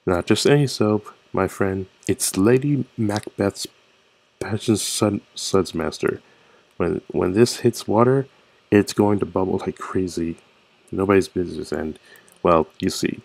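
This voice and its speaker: A man's voice: sits low, measured pace, creaky, darkish tone, dry recording, heavily acted. A man reading a scheming young prankster. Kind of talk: reading game dialogue aloud.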